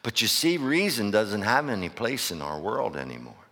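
A man preaching a sermon to his church. He swings from loud, impassioned outbursts to hushed asides and keeps asking the congregation rhetorical questions. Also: fairly low pitch, wildly swooping pitch, normal speed. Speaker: pastor. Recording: long reverb of a large hall.

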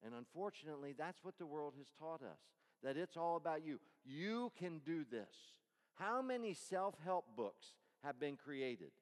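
A male pastor preaching a sermon, swinging from loud, emphatic calls down to soft near-whispers. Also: fairly high pitch. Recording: long reverb of a large hall.

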